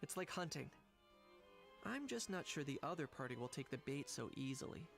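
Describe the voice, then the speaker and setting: A man's voice: a little high, big pitch swings, moderate pace, creaky, a bit bright, soft background music, heavily acted. A man voicing a cautious, thoughtful hunter in a game. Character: adult male hunter, cautious planner.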